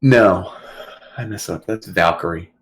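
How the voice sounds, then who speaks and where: A young adult man co-hosting a casual podcast, talking in an animated way and slipping into quick put-on voices. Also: sits low. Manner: animated, quotes movie lines in put-on voices. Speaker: podcast co-host. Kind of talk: casual chat.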